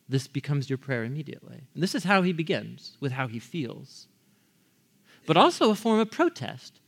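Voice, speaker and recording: A man preaching a sermon in a conversational way, often asking his audience questions. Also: a little high. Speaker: pastor.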